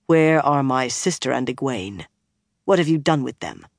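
Narrator doing a tired young swordsman, soft flat voice, no emotion, kinda low. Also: moderate pace, creaky, no echo, studio quality. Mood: quiet, flat.

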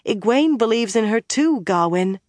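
Brief: reader raising the voice for a young woman, pitched high, urgent and pleading, dry booth sound. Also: moderate pace, darkish tone, no room sound, lightly acted.

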